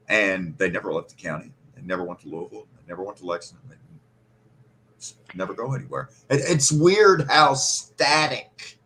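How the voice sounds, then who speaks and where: Animated, rambling man from Kentucky. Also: on the low side, slight background noise. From central Kentucky. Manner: rambling, animated storyteller who imitates regional pronunciations. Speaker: podcast host. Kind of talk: casual conversational chat.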